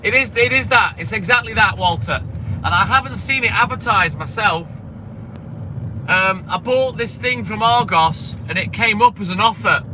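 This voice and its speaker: A man's voice: high voice, normal speed. A man chatting casually to a live stream chat while on his milk round, swearing freely and greeting viewers by name. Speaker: milkman streamer. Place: in a vehicle on a delivery round. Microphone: phone camera. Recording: noisy with street and car sound. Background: car and street noise.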